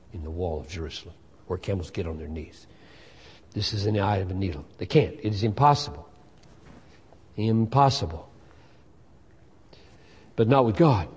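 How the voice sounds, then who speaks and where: A man preaching a sermon, emphatic and expressive, often acting out the voices in the passages he reads. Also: fairly low pitch, husky, in a large hall.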